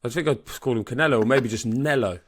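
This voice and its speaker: A man hosts a relaxed podcast. He jokes along with his co-host and keeps the story moving with questions, speaking at a mid-range pitch. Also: quick pace, breathy edge. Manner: banters, prompts the storyteller with questions. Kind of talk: casual chat.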